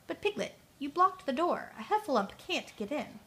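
A woman voicing a gentle, sleepy, slow-witted male bear in a storybook, soft and unhurried. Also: high-pitched, very animated, pitched above the performer's own voice, full character voice.

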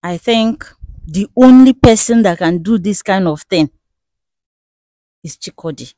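A woman's voice: mid-range voice, expressive, warm tone, no echo, studio quality, close to an everyday voice. A woman playing a hesitant shop owner. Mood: uncertain. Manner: hesitant, with many pauses and fillers. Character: female shop owner, worried, troubled by theft. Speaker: shop owner consulting the diviner.

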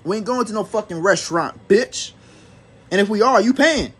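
A man's voice: sits high, lively intonation, moderate pace, fairly bright tone, husky. A young man telling a rambling, profane storytime rant to his viewers. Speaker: vlogger.

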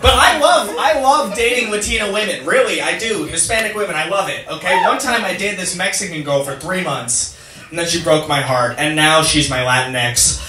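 A man performing a stand-up comedy set in a comedy club, deadpan jokes and riffing with the crowd. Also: high voice, moderate pace. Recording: echoey club from a far mic, loud noise. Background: audience laughter.

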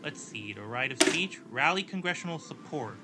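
A man's voice: mid-range voice, lively intonation, normal speed, loud music behind the voice. A man casually commenting as he plays a strategy game, thinking aloud about his next moves. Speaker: gameplay commentator and story narrator.

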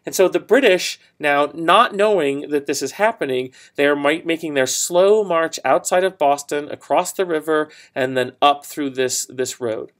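A man teaching a history lecture, telling the story casually with fillers, asides and quick self-corrections. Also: a little high, a bit bright. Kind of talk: recorded classroom lecture.

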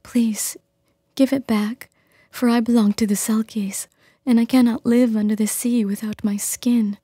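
A woman voicing a gentle, sorrowful young selkie woman in a storybook reading, with a breathy, whispery, tearful, pleading voice. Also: on the high side, steady tone, unhurried, no room sound, pitched above the performer's own voice. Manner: pleading, choking back tears. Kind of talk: storybook character voice.

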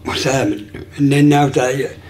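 A man in his sixties tells his life story in a casual, halting way, with many restarts and fillers, and acts out remembered dialogue. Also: medium pitch, steady tone, a little mellow, slight background noise. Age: 60s.

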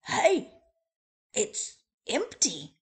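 Storybook role: woman reading as a cranky, demanding hotel guest, pitched high, slow and very lively. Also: husky, full character voice. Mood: pleased. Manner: indignant, loud demands. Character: grumpy fussy male hotel guest.

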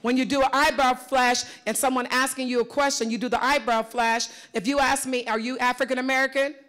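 A woman's voice: high-pitched, fairly even intonation, fairly bright tone, slight background noise. A woman leading a live workshop on a conference stage, giving emphatic, direct instructions and calling on the audience. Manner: emphatic, repeats words in quick bursts. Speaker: workshop facilitator. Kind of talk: live coaching session on stage.

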